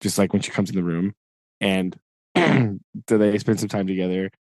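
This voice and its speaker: Low-voiced man casually retelling a novel. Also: fairly even intonation, moderate pace, darkish tone, no echo, studio quality. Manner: retells scenes with acted quotes, lots of fillers. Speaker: podcast co-host. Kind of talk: casual book discussion.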